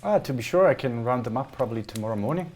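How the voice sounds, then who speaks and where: A man's voice: medium pitch, animated, quick pace, darkish tone, lightly acted. A man voicing a friendly, chatty halfling woman who leads her town, with a Scottish accent and a welcoming manner. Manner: chirpy, welcoming.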